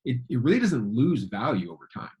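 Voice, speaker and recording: Husky man thinking aloud. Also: mid-range voice, wildly swooping pitch, a little fast, mellow, highs cut off. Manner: reflective, uses 'I think' often. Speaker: call participant. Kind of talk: casual group discussion.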